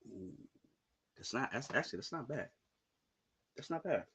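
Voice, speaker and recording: A young man on a live reaction stream, talking in slang and breaking into shouted outbursts. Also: mid-range voice, lively intonation, normal speed, breathy edge. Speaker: streamer reacting to a manga chapter.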